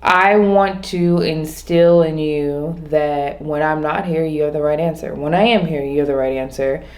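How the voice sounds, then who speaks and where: Woman, low voice, casual reflective vlog, rambling with restarts, slows down to stress points. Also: darkish tone. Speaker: vlogger.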